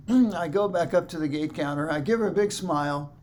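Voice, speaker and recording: A man's voice: sits high, expressive, unhurried, darkish tone. A man telling a story to a congregation as a musician, acting out the other people's voices in it. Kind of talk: storytelling talk.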